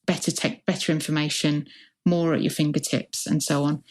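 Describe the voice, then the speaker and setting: A woman's voice: deep voice, little pitch movement, normal speed, darkish tone. A woman who is a hospital chief information officer, answering interview questions in an earnest, reflective way and building her points as lists.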